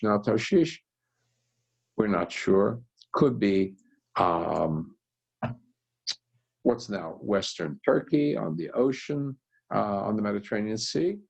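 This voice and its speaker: A man, a rabbi, teaching a scripture study session and telling the story with animated voices for its characters. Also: on the low side, measured pace, gravelly, long pauses, breathy edge. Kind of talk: text study lesson.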